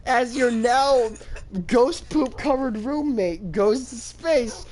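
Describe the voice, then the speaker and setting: A young man streaming from home, rambling through a profane, absurd made-up story and jumping into high yelps when he does voices. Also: takes it slowly, darkish tone, slight background noise, rough recording.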